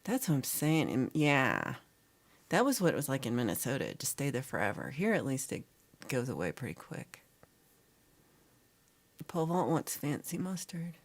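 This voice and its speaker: A woman's voice: very deep voice, huge pitch swings, normal speed. A middle-aged woman, hosting a casual livestream chat and teasing viewers as she reads their comments aloud. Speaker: livestream host.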